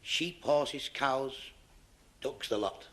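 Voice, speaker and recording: A middle-aged man with a Manchester accent doing stand-up, telling jokes in a deadpan storytelling way. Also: medium pitch, drawn-out words, a little hiss or hum. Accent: Mancunian. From Manchester, England. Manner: deadpan storyteller, chains "he said" through dialogue. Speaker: stand-up comedian.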